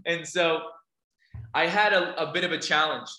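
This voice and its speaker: A man's voice: a little high, moderate pace, pushed and bright, roomy sound, low-quality recording. A man giving a motivational talk to a live audience, telling stories and asking the listeners questions. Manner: storytelling, asks the audience questions. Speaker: motivational speaker.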